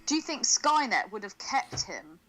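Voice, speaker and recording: A woman co-hosting a podcast, chatting casually about films, playful and teasing, asking quick questions. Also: fairly high pitch, sing-song, fairly bright tone, soft background music, poor audio. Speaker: podcast co-host. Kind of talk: casual film chat.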